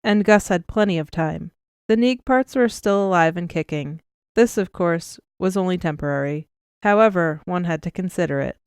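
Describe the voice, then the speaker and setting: Smooth-voiced woman narrating an audiobook. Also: lowish voice, no echo, clean studio sound. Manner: even, measured storytelling. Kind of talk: scripted narration.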